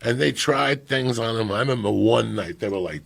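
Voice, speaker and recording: Gravelly middle-aged man telling profane stories. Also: medium pitch, normal speed, hardly any pauses. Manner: loud animated storytelling, swings between hushed and shouting. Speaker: storyteller guest on a podcast. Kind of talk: profane comic storytelling.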